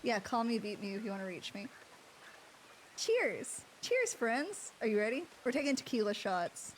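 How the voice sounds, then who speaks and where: A woman's voice: medium pitch, fast, slight background noise. A woman streamer chatting casually and playfully with her viewers and thanking them.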